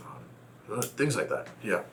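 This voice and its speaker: A man's voice: on the low side, very animated, unhurried, background noise. A man from Texas, a guest in a casual conversation, talking reflectively and telling a personal story.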